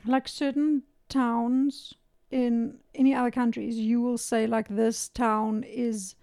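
Gravelly woman, casual co-host. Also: on the high side, flat delivery, slow, mellow, no echo, studio quality. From South Africa. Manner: reactive, explains with loose comparisons. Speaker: podcast co-host. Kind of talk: casual podcast conversation.

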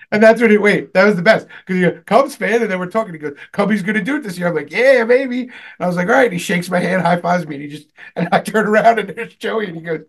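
Lively, swearing podcast guy. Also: sits high, fast talker, creaky. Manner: animated, swearing, loud jumps when quoting himself. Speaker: podcast co-host. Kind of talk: casual storytelling chat.

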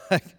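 A man preaching a sermon, passionate, moving from hushed tones to shouting. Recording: long reverb in a large hall.

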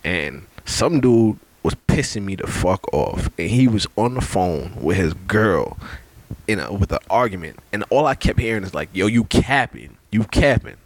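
A man from Brooklyn, co-hosting a casual podcast chat and telling stories in an animated, profane way. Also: low-pitched, normal speed. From Brooklyn, New York. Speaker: podcast co-host.

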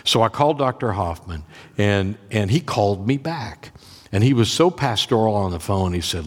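Pastor telling a story in a church. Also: male voice, fairly low pitch, very animated, moderate pace. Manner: conversational, repeats words and restarts. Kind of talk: sermon storytelling. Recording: long reverb of a church.

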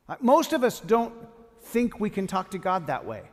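A pastor preaching a sermon and reading scripture aloud with feeling. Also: male voice, high-pitched, normal speed. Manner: expressive, reads scripture with feeling. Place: church hall. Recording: long hall reverb.

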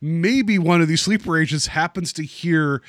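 A man's voice: on the high side, moderate pace, no room sound. Chatty man with a dry close voice. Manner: chatty, joking, lots of fillers and restarts. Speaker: podcast co-host. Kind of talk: casual movie discussion.

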